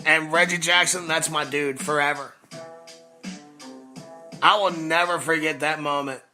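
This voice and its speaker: A man's voice: on the high side, fairly even intonation, a little slow, pushed and bright, soft background music. A man in his forties, a podcast host, telling a nostalgic story with emphatic, repeated phrases. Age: 40s. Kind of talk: storytelling monologue.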